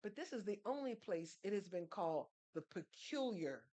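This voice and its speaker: A woman's voice: mid-range voice, lively intonation, normal speed, dark tone, dry recording. A woman, speaking as a podcast guest who tells her story in an earnest, teaching way and poses rhetorical questions. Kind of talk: storytelling conversation.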